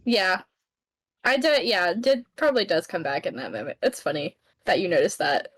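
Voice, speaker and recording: A young woman co-hosting a podcast, easygoing and quick to laugh as she steers the talk. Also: lowish voice, very animated, fairly bright tone, husky, low-quality recording. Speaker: podcast co-host. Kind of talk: casual chat.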